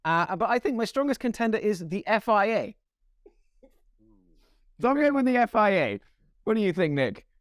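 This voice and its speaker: A man co-hosting a sports podcast, chatting casually, animated and joking, laughing often. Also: high voice, normal speed, pauses often, no echo, studio quality. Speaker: podcast co-host. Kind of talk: casual chat.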